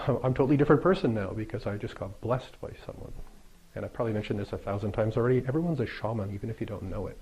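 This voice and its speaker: A man's voice: medium pitch, racing, warm tone. A middle-aged man teaching Daoist ideas to a small group in a loose, joking, conversational way, laughing often and using many fillers. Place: room with a live group. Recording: dull lo-fi recording.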